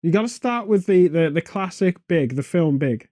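A man co-hosting a comedic casual chat, rambling through absurd film pitches in an animated and easily exasperated way. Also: moderate pace, no echo, clean studio sound. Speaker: podcast co-host.

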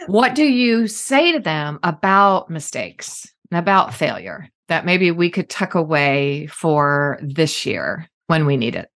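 A woman hosting a casual conversational interview, talking in an animated, emphatic way with quick asides. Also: low voice. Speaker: podcast host.

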